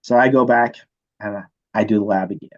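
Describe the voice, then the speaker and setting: A man teaching chemistry, telling a story from his student days in a casual, animated way and checking in with "right?" often. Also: on the low side, a little fast, dull audio. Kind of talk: storytelling lecture.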